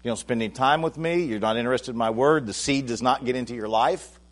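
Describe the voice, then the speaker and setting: A male preacher speaks conversationally to the congregation during his sermon, repeatedly restarting phrases and working up to loud, emphatic peaks. He's a fast talker with a mid-range voice.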